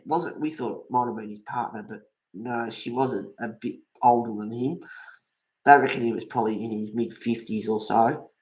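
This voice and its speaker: While colouring on a livestream, a woman aged fifty or older chats as host in a bass voice with a fairly bright tone. She shares gossipy stories and laughs often between them.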